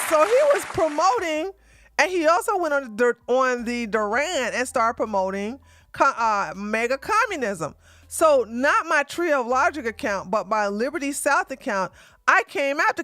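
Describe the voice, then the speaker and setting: This livestream commentary comes from a man whose voice is very high-pitched and sharp, recorded without echo. Combative and profane, he ridicules opponents, says things over and over, and lets out scornful laughs.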